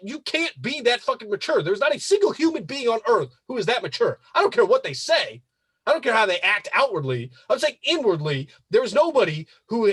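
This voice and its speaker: A husky man with a dry, close sound, hosting a live advice show. His voice sits high and swings widely as he swears and works himself into disbelief. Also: no room sound. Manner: animated, swearing, rising to incredulous outbursts. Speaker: podcast host. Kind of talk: casual live show commentary.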